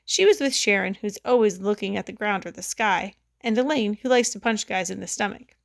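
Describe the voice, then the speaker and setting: A woman reading aloud, narrating a children's story in the first person in a lively way. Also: medium pitch, fairly quick, vocal fry, dry recording, clean studio sound. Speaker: audiobook reader.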